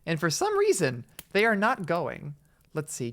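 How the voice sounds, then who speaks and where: Chatty woman, animated pitch, giggly live-stream banter. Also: unhurried. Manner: chatty, giggly, thinks out loud. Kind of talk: live game stream, reading and commenting.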